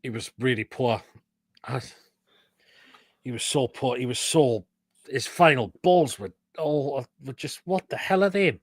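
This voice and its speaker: A man's voice: medium pitch, measured pace, long pauses, dry recording. Male host of a live football chat show, blunt and sweary, dry close sound. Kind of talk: casual live football chat, reading viewer comments.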